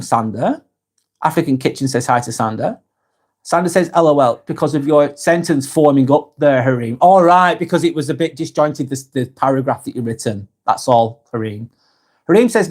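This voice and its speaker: A man in his forties with a Lancashire accent, talking on a live stream in a voice a touch higher than most men's. He reads viewer comments aloud in a casual, friendly way and often stops to restart or correct himself. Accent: Lancashire English. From England. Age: 40s. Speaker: live vlog host.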